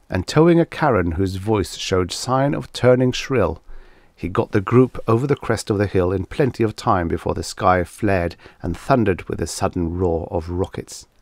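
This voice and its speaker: A man reading a vintage science fiction story aloud as narrator, with animated delivery. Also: fairly low pitch, no echo. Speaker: audiobook narrator. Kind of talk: scripted narration.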